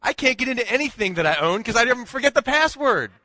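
A man's voice: extremely high pitch, sing-song, fast, pushed and bright, dry recording, long reverb tail. A man preaching a sermon in a conversational way, mixing scripture with a humorous story. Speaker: pastor.

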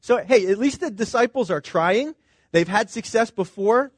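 A man's voice: high-pitched, animated, normal speed, dry recording. A middle-aged man, a pastor, preaching a sermon in an earnest, conversational way, full of rhetorical questions to the congregation.

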